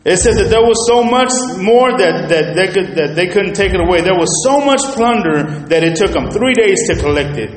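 A man preaching a sermon in a church, telling stories in an animated way and swinging between loud and hushed. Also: high voice, moderate pace, hardly any pauses, slight background noise. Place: church sanctuary. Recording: echoey church hall.

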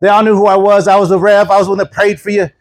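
A man preaching a sermon at a church service, telling stories with animated quoted voices and chuckles. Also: sits high, very fast. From Houston, Texas. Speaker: guest preacher.

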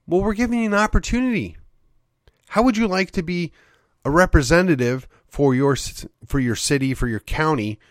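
A man's voice: a little high, dry recording, studio quality. A man hosting a show, delivering an opinionated monologue full of rhetorical questions and needling sarcasm. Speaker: podcast host.

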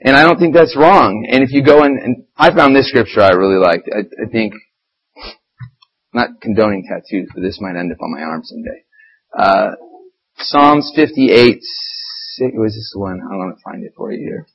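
A man's voice: lowish voice, normal speed, husky, lo-fi sound. A man giving an informal, conversational church sermon, reading scripture and getting heated as he talks. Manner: animated, conversational, grows heated when describing fighting Satan. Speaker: church lay preacher.

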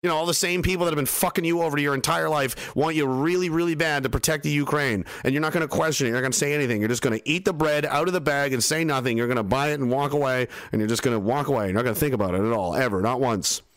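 A man's voice: medium pitch, rapid-fire, hardly any pauses, fairly bright tone, dry recording. A young man, reading chat messages on a livestream and ranting in an angry, sarcastic, heavily profane way into a close mic. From Canada.

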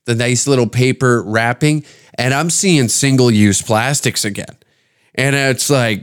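Man, comedy podcast host, profane, rambling, jokey, mid-pitched voice. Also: unhurried, clear, resonant tone. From Canada. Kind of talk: casual comedic monologue.

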